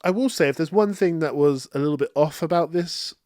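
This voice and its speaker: A man hosting a casual movie review show, animated and quoting characters in a raised voice, with hay fever that keeps him coughing. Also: on the high side, brisk, no room sound, studio quality. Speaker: film review host.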